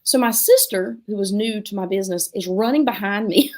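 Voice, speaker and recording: A woman's voice: mid-range voice, fast, hardly any pauses. Middle-aged woman, dance studio owner, chatty storyteller who acts out every quote. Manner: animated, acts out quotes in different voices. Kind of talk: casual storytelling chat.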